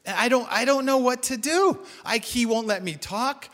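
A man with a high voice tells a sermon story, poking fun at himself and acting out each quote. His voice rings with the long reverb of a large hall. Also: normal speed. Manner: animated, self-deprecating storytelling with acted-out quotes.

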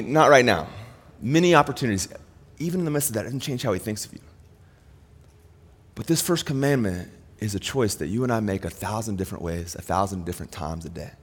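Preaching man in a reverberant hall. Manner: swings between loud high emphasis and quiet low asides. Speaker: pastor. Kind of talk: sermon.

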